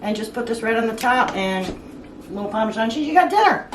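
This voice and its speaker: A woman's voice: on the high side, lively intonation, fairly quick, noisy background. Chatty woman cooking in an echoey kitchen. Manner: chatty, joking, homey. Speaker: home cooking host. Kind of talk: casual cooking demonstration. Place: home kitchen. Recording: echoey kitchen, mic at a distance, cooking clatter.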